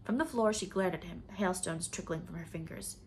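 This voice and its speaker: A woman reading a novel aloud in measured, expressive storybook narration. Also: on the low side, slight background noise. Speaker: audiobook reader.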